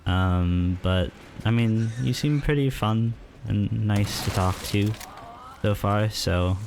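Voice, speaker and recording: A man streaming a horror game, chatting casually and hesitantly with many fillers, now and then yelling at the game. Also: slow, creaky, a little hiss or hum. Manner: rambling, hesitant, lots of fillers; yelps at the game in a higher voice. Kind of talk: casual gameplay commentary.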